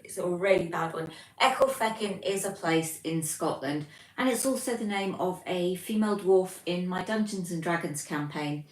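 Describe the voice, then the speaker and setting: A young English woman hosting a casual livestream, chatting and reading out viewer comments with lots of ums. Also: lowish voice. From England. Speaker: livestream host. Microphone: phone. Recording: echoey room, mic far off.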